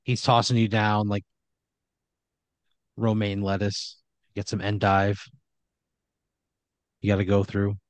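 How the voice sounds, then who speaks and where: A man's voice: fairly low pitch, level tone, takes it slowly, long pauses, no room sound. Casual rambling male storyteller. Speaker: storyteller running the game. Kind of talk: improvised comedic horror narration.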